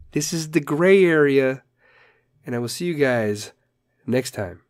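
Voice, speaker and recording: Swearing, ranting podcast host. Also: male voice, mid-range voice, expressive, measured pace, no room sound, clean studio sound. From Chicago area. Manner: profane, rambling, ranting with dad jokes. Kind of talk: casual solo podcast rant.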